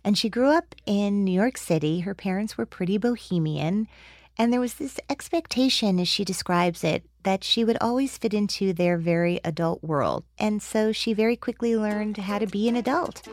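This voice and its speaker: A woman hosting a casual chat, quick with jokes and laughing interjections, recorded on a close mic. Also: medium pitch, a little mellow, dry recording. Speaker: host.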